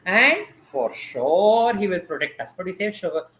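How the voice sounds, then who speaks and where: A man's voice: sits high, animated, normal speed, bright, forceful tone, echoey room. A man teaching a dance class over a video call. He patiently asks questions and has the students repeat each term after him.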